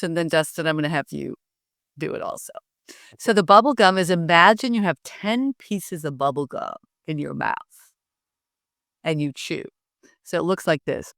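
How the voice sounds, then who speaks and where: A middle-aged woman coaching public speaking, lively and often laughing as she demonstrates. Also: on the low side, no room sound, clean studio sound. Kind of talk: instructive interview talk.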